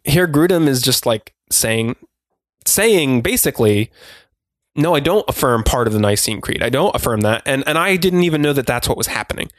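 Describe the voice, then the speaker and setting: A man's voice: medium pitch, no echo, clean studio sound. A man co-hosting a podcast, talking casually and rambling with many restarts and self-deprecating asides. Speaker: podcast co-host.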